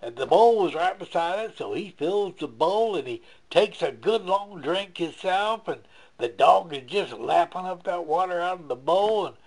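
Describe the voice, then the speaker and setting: A man spins a folksy tale, chuckling as he goes. His voice is gravelly and fairly high, and his pitch rises and falls freely. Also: expressive, normal speed. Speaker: storyteller. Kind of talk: folksy spoken storytelling.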